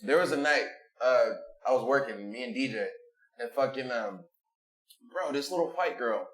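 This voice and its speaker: A man's voice: medium pitch, animated, normal speed. A man riffing in casual podcast chat, slangy and calling everyone bro. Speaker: podcast co-host. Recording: echoey room.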